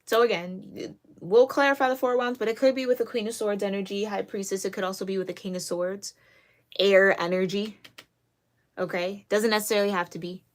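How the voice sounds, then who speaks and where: A woman giving a casual tarot reading, chatty and excitable, with many fillers and restarts. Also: mid-range voice, a little fast. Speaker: tarot reader.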